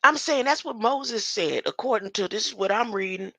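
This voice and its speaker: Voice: medium pitch, normal speed, pushed and bright, dry recording. An older speaker in a rambling solo monologue who reads scripture verses aloud, argues with them, laughs often and keeps asking "huh?". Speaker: self-styled scripture commentator.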